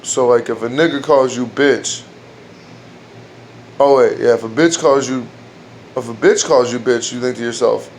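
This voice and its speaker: A man riffs through crude jokes in a dark room at home, rambling and restarting his lines as he goes. His voice sits at an ordinary middle pitch. A faint air-conditioning hum runs behind him. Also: normal speed, long pauses. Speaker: amateur comedian trying out jokes. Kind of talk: casual joke-telling at home.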